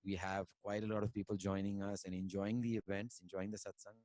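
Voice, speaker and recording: A man's voice: sits low, flat delivery, brisk, a little mellow, dry recording. A man from India, a musician talking casually on a video call, rambling with many fillers and dropping in Hindi words. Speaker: musician guest. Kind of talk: casual conversation and storytelling.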